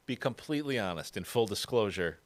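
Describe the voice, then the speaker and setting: Man co-hosting a podcast, teasing and emphatic, mid-pitched lively voice, dry sound. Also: fairly quick, no room sound. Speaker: podcast co-host. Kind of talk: casual chat.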